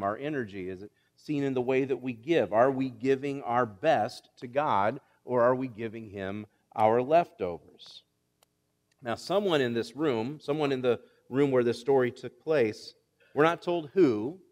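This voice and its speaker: A middle-aged man preaching a sermon to his congregation, asking them questions and reading scripture aloud. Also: medium pitch. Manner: animated, rhetorical questions to the congregation. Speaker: pastor. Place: church sanctuary. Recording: long reverb of a church hall.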